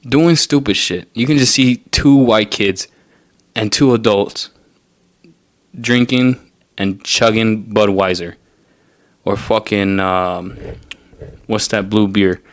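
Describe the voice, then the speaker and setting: A man's voice: on the low side, steady tone, slow, pauses often, dry recording, clean studio sound. A young man hosting a podcast, telling a story in a casual, profane and exasperated rant. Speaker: podcast host. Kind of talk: casual ranting monologue.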